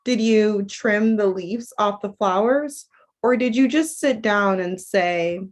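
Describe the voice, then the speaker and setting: A woman's voice: medium pitch, slow. A woman coach talking casually to viewers in a rambling, chatty way, full of fillers and restarts. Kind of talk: casual livestream talk.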